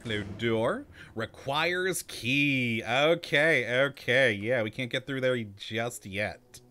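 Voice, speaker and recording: A man's voice: mid-range voice, slow, bright, forceful tone. A man hosting a let's-play video, chatting casually to himself and laughing often as he plays. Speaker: gaming channel host.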